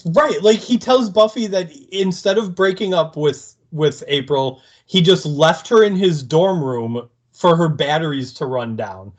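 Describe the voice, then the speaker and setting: A man's voice: a little high, a little slow, few pauses. A man co-hosting a podcast who chats casually about a TV episode, laughing and chiming in with profane asides. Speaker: podcast co-host. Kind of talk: casual chat recapping a TV episode.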